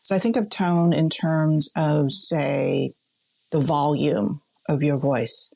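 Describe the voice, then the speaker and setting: A woman's voice: sits low, measured pace, vocal fry, a little mellow. A woman freelance food writer in a casual podcast discussion, speaking in a wry, emphatic way.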